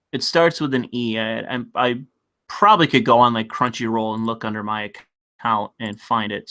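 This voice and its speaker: A man talks casually to his stream chat with a bright, forward voice. He rambles, swears freely and laughs along as he goes. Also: mid-range voice. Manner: rambling, profane, laughs often. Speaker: livestream host.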